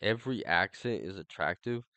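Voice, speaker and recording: A man's voice: deep voice, animated, moderate pace, pushed and bright, clear, resonant tone, dry recording. A man hosting a podcast in casual chat, crude and teasing, swearing freely as he talks. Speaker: podcast host.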